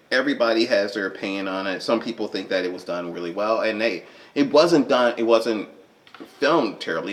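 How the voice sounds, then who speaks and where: A man talking unscripted to the camera about his movie collection, rambling and animated, with frequent fillers and self-corrections. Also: lowish voice. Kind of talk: unscripted casual vlog.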